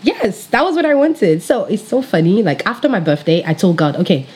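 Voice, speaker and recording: A woman in her thirties from Nigeria, with a Nigerian accent touched by British influence, telling her faith story in a bubbly, animated way. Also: mid-range voice, a little fast, husky. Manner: bubbly, animated, laughs often, speaks straight to viewers. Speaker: pastor. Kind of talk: personal faith testimony, casual storytelling.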